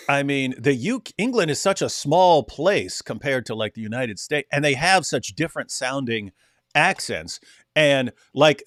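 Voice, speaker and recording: A man co-hosting a livestream, chatting casually with animated, mocking asides. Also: medium pitch, no room sound, studio quality. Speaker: livestream co-host.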